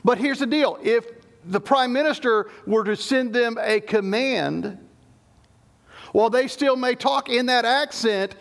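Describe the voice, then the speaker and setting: A middle-aged man delivering a sermon in a notably high voice. His tone has a gravelly, creaky edge, and he teaches emphatically, stopping to restart phrases as he explains. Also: unhurried. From Southern United States. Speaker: pastor.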